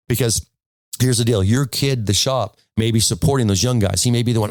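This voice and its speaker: This time the man speaks at medium pitch, fairly quickly, with a slightly mellow tone and no echo. As a golf instructor giving a casual lesson to camera, he's emphatic and story-driven, full of restarts, and constantly asks "okay?"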